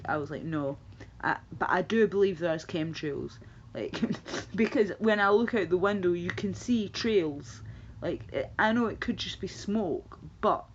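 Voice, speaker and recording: A woman's voice: on the low side, highs cut off, slight background noise. A Scottish woman livestreaming, chatting casually and rambling as she reacts to viewers' comments. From Scotland.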